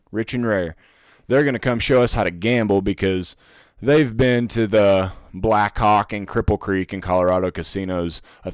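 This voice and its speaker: A young man hosting a casual podcast, ranting in a profane, animated way. His voice is smooth and clear, recorded close and dry with no room sound. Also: fairly low pitch, no echo. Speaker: podcast host. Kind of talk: casual chat.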